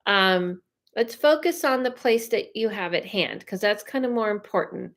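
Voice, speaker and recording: A woman who works as a psychic medium, chatting casually and giving quick readings to viewers on a livestream, in a rambling, talkative way. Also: mid-range voice, animated, a bit bright.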